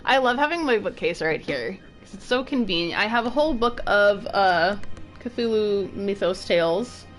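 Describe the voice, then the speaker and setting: A young woman streaming a game, chatting and gushing excitedly as she plays and reacts. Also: medium pitch, normal speed. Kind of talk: live gameplay commentary. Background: game music.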